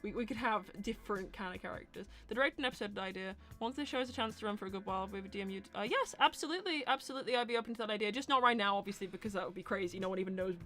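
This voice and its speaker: A woman hosting a casual live-stream Q&A, chatty and quick to laugh, turning loud and animated when indignant. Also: mid-range voice, soft background music. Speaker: host of a live voice-acting show.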